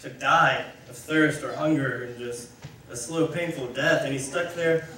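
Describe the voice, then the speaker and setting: A man's voice: mid-range voice, steady tone, a little slow, bright, forceful tone, slight background noise. A man giving a casual, conversational sermon, rambling and correcting himself as he goes. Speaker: speaker. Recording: echoey hall, mic far off.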